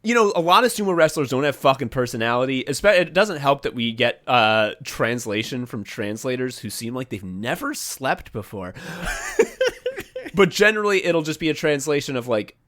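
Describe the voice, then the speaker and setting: A man co-hosting a casual podcast, swearing freely as he tells a story. His pitch is middling, but it swings widely up and down as he gets worked up. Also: normal speed. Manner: animated, profane storytelling. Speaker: podcast co-host. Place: separate rooms from co-host.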